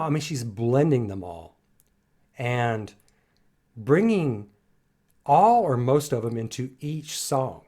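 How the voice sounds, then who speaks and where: Male music reactor, mid-pitched, effusive, halting, thinks out loud. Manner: gushing praise, halting restarts, thinking aloud. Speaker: reaction video host. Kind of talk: enthusiastic music commentary.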